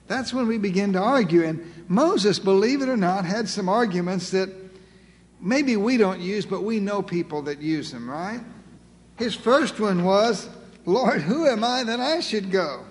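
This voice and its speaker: A man's voice: sits high, in a large hall. A man preaching a sermon in a folksy, humorous way, often asking his listeners questions.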